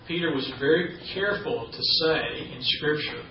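A man's voice: fairly high pitch, normal speed, a little hiss or hum. Guy giving a sermon, chatty teaching tone, mic kinda far off, echoey church. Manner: conversational teaching with folksy asides. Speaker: preacher. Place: church sanctuary. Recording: roomy, distant, dull church recording.

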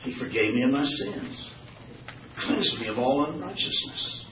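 A man with a medium-pitched voice teaches a Bible study in an unhurried way, animated as he quizzes the group and jokes along. It's an informal sermon for a small group, and the audio sounds roomy, distant and dull, with slight background noise.

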